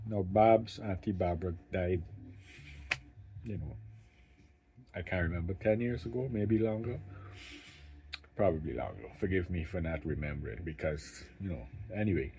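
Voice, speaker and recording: A middle-aged man speaking candidly about caring for his mother, emotional and halting, often restarting his sentences. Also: deep voice, warm tone, a little hiss or hum. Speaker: family caregiver. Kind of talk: candid personal talk to camera.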